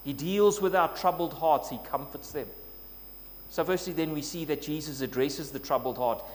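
A man's voice: a little high, normal speed. A man preaching a sermon in an earnest way, building to emphatic scripture quotes. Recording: long reverb, faint noise with hum.

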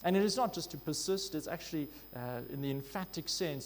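A man's voice: fairly high pitch, animated, fairly quick, few pauses. A man preaching a sermon in a church hall, emphatic, repeating key phrases for weight. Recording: long hall reverb with faint mains hum.

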